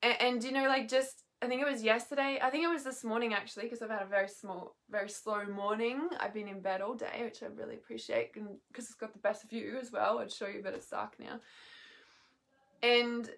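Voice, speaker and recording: This healer and mentor vlogger speaks from her bed at home, tired and emotionally drained, in a raw monologue with no script. She curses freely and keeps trailing off and restarting. Her voice sits on the high side, creaky and a bit bright, with a steady tone and a brisk delivery.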